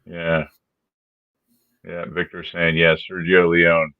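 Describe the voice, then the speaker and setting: A man with a very low voice co-hosts a relaxed live chat show and greets viewers by name. The sound is dry and a little dull, as if captured on a modest mic. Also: takes it slowly, dry recording. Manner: laid-back, chatty, greets viewers. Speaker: podcast co-host.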